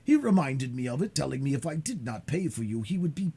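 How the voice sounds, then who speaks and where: A man reading aloud, voicing a frail, gentle old father who talks in a halting, stammering way. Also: mid-range voice, sing-song, slightly rough, pitched above the performer's own voice. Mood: hesitant. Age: older.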